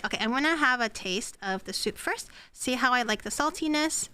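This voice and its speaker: A woman's voice: high-pitched, big pitch swings, moderate pace, hardly any pauses, pushed and bright, clean tone. A woman streaming herself cooking at home, chatting casually, self-mocking and swearing. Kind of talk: casual cooking livestream chat.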